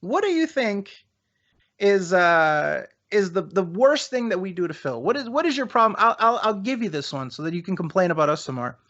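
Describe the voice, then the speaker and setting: A man's voice: sits high, lively intonation, fairly quick, few pauses, fairly bright tone. A man hosting a podcast, needling and mocking his guest in a heated debate, often restarting his sentences. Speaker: podcast host. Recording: dull lo-fi podcast audio.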